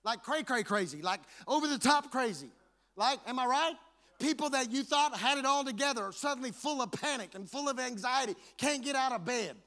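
A man's voice: extremely high pitch, animated, brisk, pushed and bright. A man preaching a sermon to his congregation, building fervor through repetition. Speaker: pastor.

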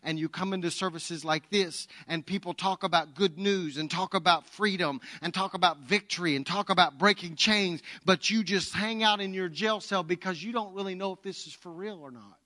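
Male pastor, high bright tone, dynamic sermon delivery. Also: normal speed, few pauses, no room sound. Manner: dynamic, swings from loud to hushed. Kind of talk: Easter sermon with storytelling.

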